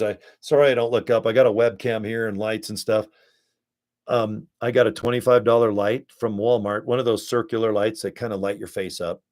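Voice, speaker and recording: Rambling, chummy American man on webcam. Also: fairly low pitch. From United States. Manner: rambling, chummy, animated asides with acted quotes. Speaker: network marketing promoter. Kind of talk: casual webcam pitch to viewers. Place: home desk setup with screens and ring light.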